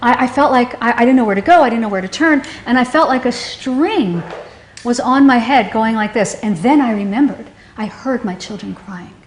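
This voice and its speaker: A woman with a fairly high voice tells a painful story from her own life. She speaks haltingly, with emotion, often breaking off and starting her sentences again. Her voice carries a noticeable echo from the room. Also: animated, slight background noise. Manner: halting, emotional, with many restarts. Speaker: storyteller recounting a personal loss. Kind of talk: personal testimony. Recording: roomy echo.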